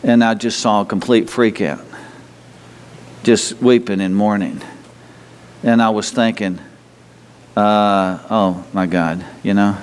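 A man preaching a sermon in a folksy, conversational way, often asking the congregation questions and mimicking people in a high, mocking voice. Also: steady tone, slow, pauses often, clean tone, in a large hall. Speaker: pastor.

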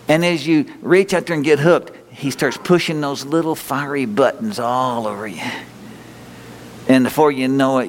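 A middle-aged man preaching a sermon in a folksy way, asking his listeners question after question and chuckling often. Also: medium pitch. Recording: long hall reverb.

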